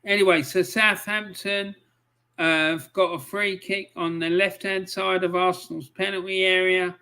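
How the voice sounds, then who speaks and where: A man giving live match commentary on a stream, swearing often and breaking into angry outbursts between calm play-by-play. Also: high voice, measured pace, clean tone.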